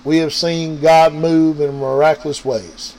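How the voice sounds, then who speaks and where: A man delivers an informal sermon over a radio or podcast mic. His voice sits a little high, and he keeps turning to his listeners, driving each point home by repeating it. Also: little pitch movement, measured pace, a little mellow, rough recording. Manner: preachy, repetitive, addresses listeners directly. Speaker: preacher. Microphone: online radio or podcast mic.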